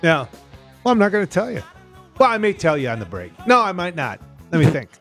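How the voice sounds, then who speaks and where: A man's voice: high-pitched, wildly swooping pitch, fairly quick, fairly bright tone, soft background music. A man co-hosting a radio show in casual banter, telling a rambling story with restarts and laughs.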